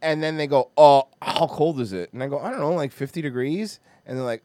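A man from Florida hosting a podcast, ranting loudly and crudely and mocking others in exaggerated voices. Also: on the high side, animated, brisk, hardly any pauses, dry recording, clean studio sound. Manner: loud, profane, mocking rant. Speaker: podcast host. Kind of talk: casual podcast rant.

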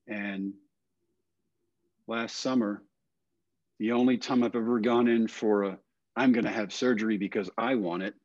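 An older man with a low voice tells a personal story in an earnest, plain-spoken way, often dropping softly at the ends of phrases. The audio is dry and a little dull, like a lo-fi podcast recording. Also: dry recording. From Texas. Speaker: guest.

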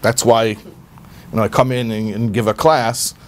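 A man teaching an informal class in a relaxed, conversational way, often repeating words as he searches for his phrasing and acting out the voices he quotes. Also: lowish voice, moderate pace, a little hiss or hum. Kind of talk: informal Torah class talk.

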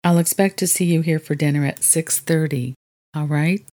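A woman voicing a gracious, composed young woman who owns a retreat, in a low voice. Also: steady tone, moderate pace, warm tone, close to an everyday voice. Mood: warm.

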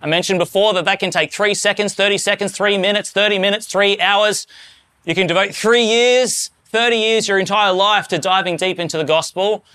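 Male pastor, higher register, bright sharp tone, dry close sound, earnest sermon delivery. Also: fairly even intonation, normal speed, clean tone, dry recording. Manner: earnest, rising to fervent emphasis on quotes.

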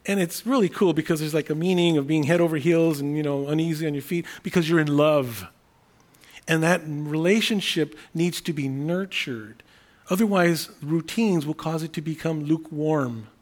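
Man, pastor, sermon, earnest, restarts phrases, fairly high voice. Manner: earnest, thinking aloud with frequent restarts; repeats key words slowly for emphasis.

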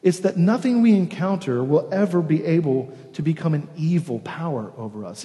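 Pastor, male, 40s, mellow tone; storytelling sermon in a reverberant sanctuary. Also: a little high, expressive, normal speed, few pauses. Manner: storytelling preacher, dropping to near-whispers on key words. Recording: long reverb of a church hall.

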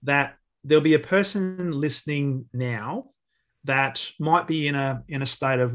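A man's voice: a little high, measured pace, a bit bright. A man hosting a podcast, asking long, rambling questions with many restarts. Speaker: podcast host. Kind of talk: casual interview.

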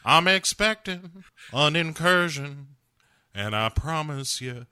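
Man putting on a bright, blustering old farmer, defiant, dry close sound. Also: fairly high pitch, lively intonation, takes it slowly, clean tone, no room sound, pitched above the performer's own voice, heavily acted. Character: armed, defiant old farmer expecting a raid.

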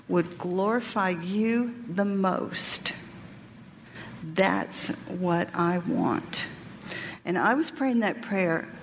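A woman giving a women's workshop talk, sharing a personal testimony and Bible teaching in an earnest, reflective, halting way. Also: on the low side. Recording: reverberant hall with faint noise.

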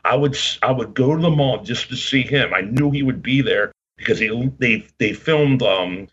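Husky middle-aged man telling a rambling story. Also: medium pitch, moderate pace, a bit bright, dull audio. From Baltimore, Maryland. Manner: rambling anecdotes, acts out quoted voices. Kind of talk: casual chat, storytelling.

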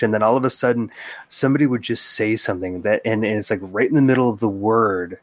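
Low-voiced man chatting on a podcast. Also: fast. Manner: chatty, wry, acts out his own reactions in quotes. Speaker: podcast co-host. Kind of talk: casual podcast chat.

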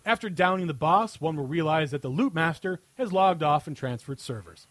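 High-voiced man reading with sarcasm. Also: animated, moderate pace, fairly bright tone, dry recording. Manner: reads with frequent laughter, sarcastic. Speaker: podcast host. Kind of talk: mocking read-aloud of a satirical article.

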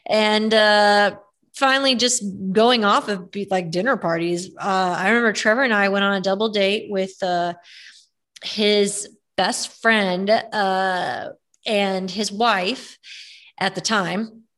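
Young woman, podcast host, chatty and animated, clear bright tone. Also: mid-range voice, slow pace. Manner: animated storytelling, lots of fillers. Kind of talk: casual chat.

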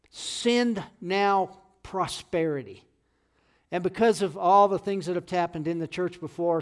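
Middle-aged male pastor, earnest sermon delivery, slightly high pitch, swells to urgent pleading on scripture. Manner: earnest, rises to loud pleading when quoting scripture.

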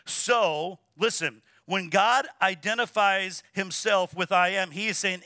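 A man with a high, piercingly bright voice preaches a sermon to his church. He presses his points hard and repeats words for weight, calling the congregation to say things back. The sound is close and dry, with no room around it. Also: takes it slowly, hardly any pauses, no echo. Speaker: pastor. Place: church sanctuary.

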